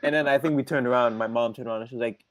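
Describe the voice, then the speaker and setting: A young podcast co-host races through a family story in casual chat, animatedly acting out what each relative said and restarting often. His mid-range voice comes through a dry, clean studio recording.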